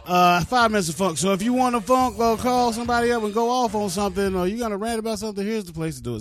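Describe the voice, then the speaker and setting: A man's voice: sits high, fast, few pauses, dry recording, clean studio sound. A man hosting a talk radio show, loose and casual, cursing freely as he talks. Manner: loose, laid-back, swearing freely. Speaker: radio host.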